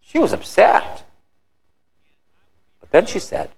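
A man preaching a sermon in an animated way, with his voice jumping high when he retells scenes. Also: a little slow, creaky, long pauses, breathy edge. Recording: long reverb in a large hall.

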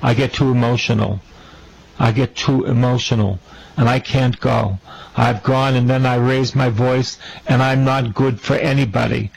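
Man, priest, sermon, gravelly, husky, fervent, repeats phrases. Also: medium pitch, steady tone, moderate pace, rough recording.

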